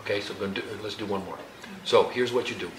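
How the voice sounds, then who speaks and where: A man leading a group exercise in a hall, giving slow, gentle instructions with light laughter. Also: on the low side. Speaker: workshop leader. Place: hall with an audience. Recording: echoey room, background noise.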